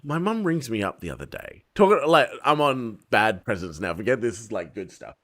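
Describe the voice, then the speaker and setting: A man's voice: fairly low pitch, brisk. A man, a podcast host telling a story in casual chat and laughing often. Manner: animated storyteller, laughs often, acts out his mum.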